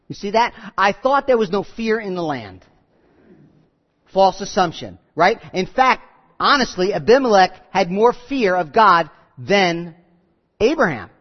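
A man preaching a sermon, telling stories with quoted voices and lively asides. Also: high voice, measured pace, long pauses. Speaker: pastor. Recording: muffled audio with long hall reverb.

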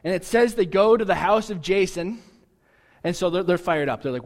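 A man preaching a sermon in a lively, joking way, often restarting his words. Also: sits high, normal speed, pauses often, long reverb tail, a little hiss or hum. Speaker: pastor.

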